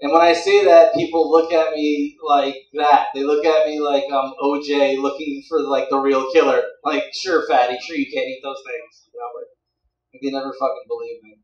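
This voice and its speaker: A young man doing stand-up in a club, rambling and teasing the crowd in a fairly high voice. The sound is roomy and distant, caught from out in the room. He works a handheld stage mic. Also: flat delivery, normal speed, a little mellow, highs cut off. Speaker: stand-up comedian. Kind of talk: stand-up comedy.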